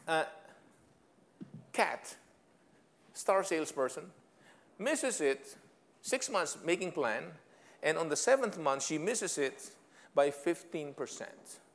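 A man's voice: on the high side, slow pace, long pauses. A man with a Filipino accent giving a management lecture, switching between English and Tagalog and putting questions to the audience. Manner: code-switching, animated, asks the audience questions. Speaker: leadership trainer.

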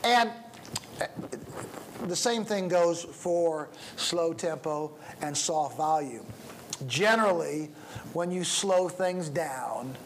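A man's voice: a little high, a little hiss or hum. A middle-aged man, a pastor, teaching a preaching workshop, shifting his pace and volume to demonstrate and chuckling now and then.

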